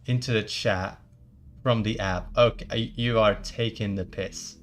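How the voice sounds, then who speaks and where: A man in casual live-stream chat, talking at an unhurried, drawn-out pace. He rambles and restarts his sentences often, tossing in mock-formal asides, with faint music playing behind him. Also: lowish voice, steady tone.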